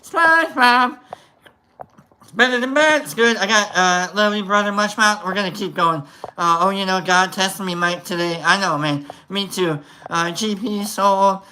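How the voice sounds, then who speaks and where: A livestream host giving casual, rambling shout-outs to viewers, joking around. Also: medium pitch, steady tone, normal speed, slight background noise. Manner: jokey, rambling, tries silly voices.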